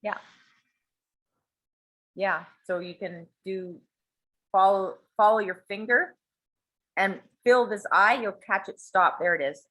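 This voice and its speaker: A woman talking in a blunt, animated way, swearing freely as she leads a small group. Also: medium pitch, slow pace, long pauses. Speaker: coach and workshop leader. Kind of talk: casual talk to a small group.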